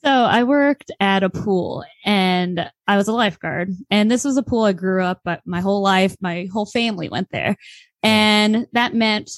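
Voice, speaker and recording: A woman's voice: mid-range voice, moderate pace, dry recording. A woman who is a guest on a podcast, telling a personal story expressively and acting out the voices in it. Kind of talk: casual anecdote telling.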